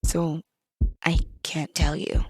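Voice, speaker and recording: A woman voicing a gentle, apologetic young man in a game, speaking in a hushed, hesitant way. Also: low voice, flat delivery, slow pace, slightly rough, dry recording, studio quality, faint music behind, voice pushed down, full character voice. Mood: secretive.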